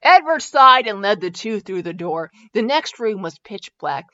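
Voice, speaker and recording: A woman reads fan fiction aloud in a casual, amused way, fixing her own slips as she goes. Her voice is bright and edgy. The recording is muffled and lo-fi. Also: mid-range voice, big pitch swings, moderate pace. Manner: laughs and corrects herself while reading. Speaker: fanfiction reader. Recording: dull lo-fi recording.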